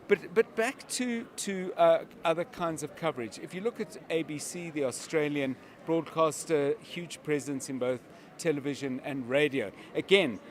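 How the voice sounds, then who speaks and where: A man giving live news commentary as a media analyst, explaining in a measured way with examples. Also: on the high side.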